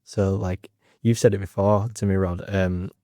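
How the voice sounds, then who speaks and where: A man co-hosting a podcast, speaking in a tentative, halting way. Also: sits low, steady tone, dark tone, dry recording, studio quality. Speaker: podcast co-host. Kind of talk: casual chat.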